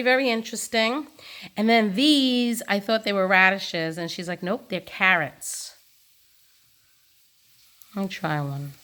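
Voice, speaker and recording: A woman's voice: mid-range voice, fairly bright tone. Chatty woman vlogging her produce haul. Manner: chatty, enthusiastic, eats while talking. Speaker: vlogger showing a farm share haul. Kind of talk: casual chatty vlog. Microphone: phone camera.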